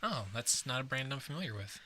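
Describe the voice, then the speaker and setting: A man co-hosting a casual podcast, talking in quick, hesitant bursts full of restarts. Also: medium pitch, lively intonation, crowd noise. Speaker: podcast co-host. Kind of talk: casual chat.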